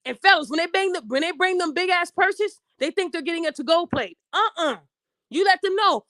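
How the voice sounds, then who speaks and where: Podcast host, young woman, AAVE, high voice, blunt and lecturing, dry close sound. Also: expressive, a little fast, sharp tone, no echo. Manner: blunt, preachy, addresses listeners directly, acts out quoted voices. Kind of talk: opinionated podcast monologue.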